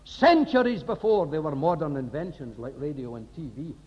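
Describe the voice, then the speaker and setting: Impassioned high-voiced preacher in a hall. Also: male voice, very animated, moderate pace, husky. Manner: impassioned, rhetorical questions to the congregation. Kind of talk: sermon. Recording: dull lo-fi recording in a reverberant hall.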